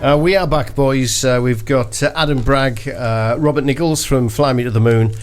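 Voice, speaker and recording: A man's voice: mid-range voice, moderate pace, faint music behind. A man hosting a football podcast, chatty and enthusiastic, with plenty of fillers. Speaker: podcast host. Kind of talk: casual football chat.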